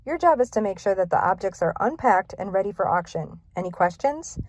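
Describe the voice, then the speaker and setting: A woman's voice: medium pitch, animated, a little fast, no echo. Woman doing a pompous auction host.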